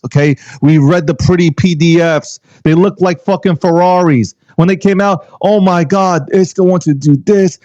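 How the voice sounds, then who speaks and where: A man's voice: on the high side, mellow. A man talking crypto in a heated, profane, casual rant, firing off emphatic rhetorical questions. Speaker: crypto commentator. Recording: dull lo-fi audio.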